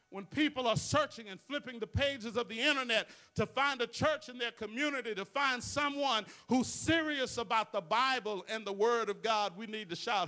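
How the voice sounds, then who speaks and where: A man's voice: high-pitched, moderate pace, sharp tone. A male pastor, preaching to his congregation with call-and-response asides. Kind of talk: sermon. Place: church sanctuary.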